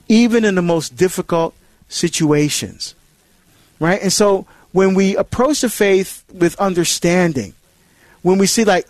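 A man hosting a faith call-in radio show, speaking with a high, light voice. He talks earnestly, stumbling over restarts and repeating words as he explains. The studio sound is dry and close, with no room echo. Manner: earnest, repetitive restarts, acts out challengers' voices. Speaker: Catholic radio show host.

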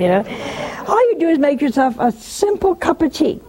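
An older woman hosting a religious call-in show, talking in an animated, scolding way with mocking asides. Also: moderate pace, creaky, hardly any pauses. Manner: animated, scolding and mocking with sudden pitch jumps.

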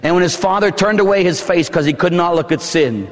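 A male preacher giving a fiery sermon in a church, shouting emphatic lines with dramatic pauses. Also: high-pitched, expressive. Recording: long hall reverb.

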